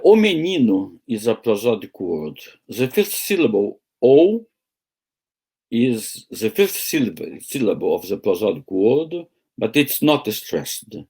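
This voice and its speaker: Slow, halting male lecturer. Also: on the low side, warm tone, husky. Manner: slow, halting, with many pauses and fillers. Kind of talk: academic lecture. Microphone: video call.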